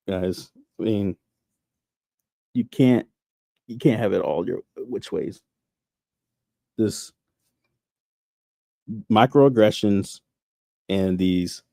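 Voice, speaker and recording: A man's voice: fairly low pitch, vocal fry, warm tone, no echo, studio quality. A man hosting a casual livestream, venting in a heated, sarcastic, profane way, often laughing between remarks. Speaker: channel host.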